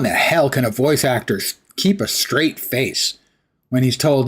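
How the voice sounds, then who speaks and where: Husky sarcastic man streaming a game. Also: medium pitch, measured pace. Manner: sarcastic, wry asides to chat. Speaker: livestream gamer. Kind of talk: casual gameplay commentary.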